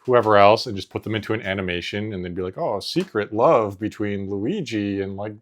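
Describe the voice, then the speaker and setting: A man co-hosting a casual podcast, joking around and talking in quick, loose asides. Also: lowish voice. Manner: goofy, jokey, quick asides with frequent laughter. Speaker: podcast co-host. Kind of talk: casual chat.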